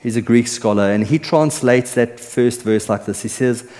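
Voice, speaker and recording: A male pastor preaching, his voice ringing with a long reverb through a large hall. He talks earnestly, building to loud, excited peaks and then falling to soft, hushed lines. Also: medium pitch, moderate pace. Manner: earnest, animated storytelling with swings between loud and soft. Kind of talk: sermon.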